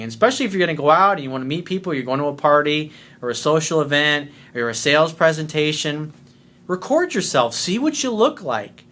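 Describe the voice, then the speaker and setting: A man talking as a life coach in a casual monologue, loud, blunt and full of swearing, smiling as he speaks. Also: a little high. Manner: blunt and profane.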